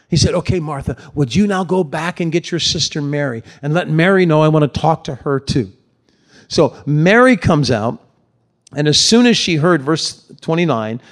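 An older man, a pastor, preaching a sermon in a conversational, tender way that sinks to near-whispers at emotional moments. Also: a little high.

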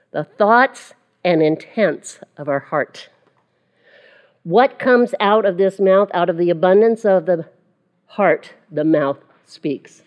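A woman teaching a church Bible lesson in a chatty, self-deprecating way, with frequent laughter. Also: fairly low pitch. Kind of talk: casual teaching to a class.

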